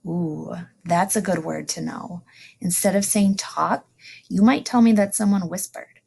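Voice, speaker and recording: A woman teacher giving a recorded lesson to young students, saying each new word slowly and clearly twice, with delighted exclamations. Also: on the low side, a little mellow. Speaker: elementary school teacher.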